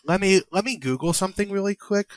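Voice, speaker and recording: An American man co-hosting a podcast in casual chat, halting and hesitant, with many fillers. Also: high voice, dry recording. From United States. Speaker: podcast co-host.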